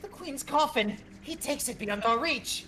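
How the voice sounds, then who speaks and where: A man's voice: extremely high pitch, animated, a little slow, pushed and bright, soft background music, voice pushed up, full character voice. A man voicing an alarmed ship officer who reports a crisis in an urgent, theatrical tone.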